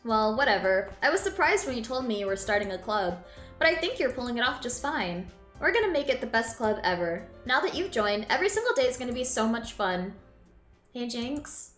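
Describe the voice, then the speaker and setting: A woman's voice: a little high, big pitch swings, brisk, fairly bright tone. A woman reading aloud the lines of a cheerful teenage girl who runs a club. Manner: read aloud from on-screen dialogue. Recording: echoey room with game music.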